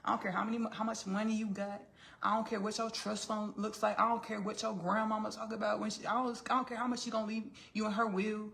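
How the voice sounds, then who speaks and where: A woman voicing a sassy young woman who defiantly sticks up for her family, her voice climbing high as she repeats herself. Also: steady tone, brisk, gravelly, hardly any pauses. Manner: defiant, rising to shrieks.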